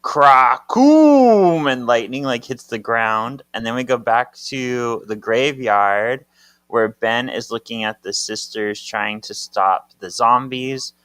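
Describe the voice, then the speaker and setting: A man co-host recaps a comic in a slow, relaxed way. His voice is smooth and resonant, and his pitch rises and falls in a lively way. The sound is dry and close. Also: no echo. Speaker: podcast co-host. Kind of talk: casual chat recapping a comic.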